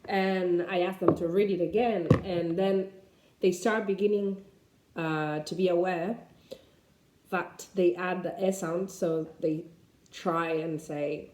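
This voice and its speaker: A woman with a Spanish accent, a native Spanish speaker, explaining pronunciation tips as an English teacher in an unhurried way, with many fillers and restarts. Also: on the low side, fairly even intonation, a little mellow, roomy sound.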